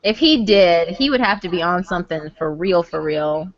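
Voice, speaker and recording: A woman's voice: fairly low pitch, expressive, normal speed, no echo. A woman hosting a voice-chat story night, talking casually, laughing helplessly and swearing freely. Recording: dull, lo-fi stream audio.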